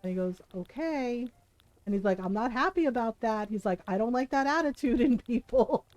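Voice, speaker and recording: A woman's voice: fairly high pitch, lively intonation, normal speed, a little mellow, no room sound, poor audio. A middle-aged woman streaming, telling stories in casual chat and laughing often as she talks. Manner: chatty storyteller, laughs often.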